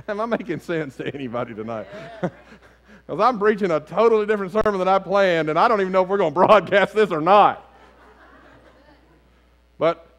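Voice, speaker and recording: Man, pastor, lively preaching, slightly higher voice, church sanctuary. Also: normal speed, long pauses. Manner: animated preaching, swinging between loud and hushed. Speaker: lead pastor. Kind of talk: sermon.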